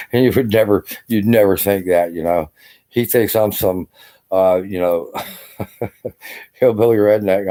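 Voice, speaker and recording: Older male veteran, low and mellow, exhausted, rambling profane vlog chat. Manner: rambling, profane, full of "you know" fillers. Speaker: army veteran vlogger. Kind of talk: casual rambling vlog monologue. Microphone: camera.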